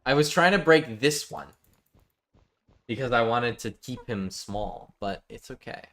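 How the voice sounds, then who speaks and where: A man's voice: mid-range voice, lively intonation, unhurried, fairly bright tone. A man chatting casually with his viewers while live-streaming a building game, reading out chat and joking. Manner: chatty, reads chat aloud, jokey.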